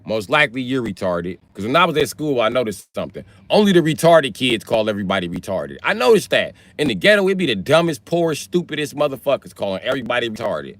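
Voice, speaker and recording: A man livestreaming a loud, profane comedic rant, jumping between low mutters and high outbursts. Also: very animated, fast talker, hardly any pauses, no echo. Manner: loud, profane, swings pitch wildly.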